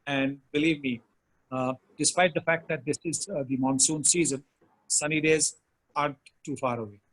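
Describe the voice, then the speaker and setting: Animated older man telling stories. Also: a little high, normal speed, poor audio. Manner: animated anecdotes with many fillers. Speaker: guest speaker. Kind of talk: storytelling in a webinar chat.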